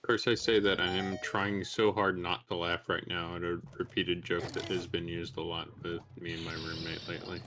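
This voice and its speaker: A man chatting casually with friends during a game stream, relaxed and full of fillers. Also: sits low, normal speed, few pauses, noisy background. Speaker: friend on voice chat. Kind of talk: casual chat.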